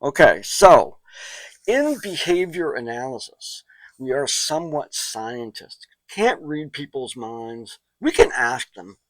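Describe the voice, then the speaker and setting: A man's voice: medium pitch, sing-song, no echo, low-quality recording. A male psychology lecturer talks to his class in an easygoing, chatty way. He wanders into side stories and asides. His voice sits in a middle range, and the sound is close and dry. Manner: conversational, digressive, with asides and quick impressions. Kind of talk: recorded college lecture.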